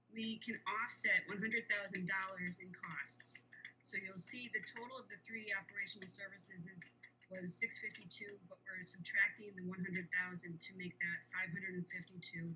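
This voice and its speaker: A woman presents a technology budget at a remote committee meeting. She speaks in a steady, prepared way with a few fillers, in a very bright voice over a faint hiss. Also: medium pitch, rough recording. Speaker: educational technology director.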